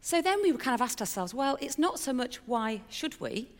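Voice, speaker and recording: A woman's voice: high-pitched, sing-song, moderate pace. Woman telling her story in a hall. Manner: candid, chatty storytelling with fillers and self-mockery. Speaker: speaker sharing a personal testimony. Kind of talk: personal testimony talk.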